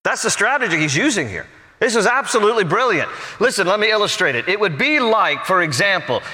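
A male pastor delivering a sermon, animated and acting out the quotes himself. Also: high voice, fairly quick, long reverb tail. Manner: animated, acts out quotes and voices.

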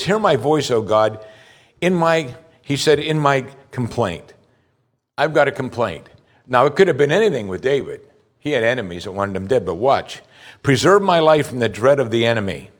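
A man delivering a sermon with a lot of movement in his voice. He climbs high and loud on dramatic moments, then sinks low and slow when he reads scripture. He puts direct questions to his listeners. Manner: animated preaching, rising loud on high points, dropping low and slow for scripture. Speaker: pastor.

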